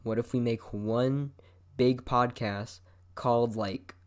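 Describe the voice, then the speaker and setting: A man's voice: medium pitch, steady tone, takes it slowly. Laid-back young man rambling on a podcast. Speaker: podcast host. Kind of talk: casual solo podcast monologue. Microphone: microphone, head moving around it.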